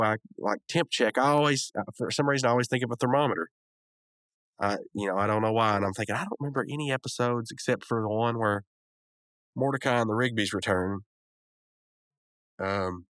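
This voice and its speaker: A man's voice: lowish voice, fairly bright tone, no room sound, clean studio sound. A man hosting a podcast, giving a rambling, casual recap and review of a cartoon episode, with lots of fillers and restarts. He sounds a bit sick.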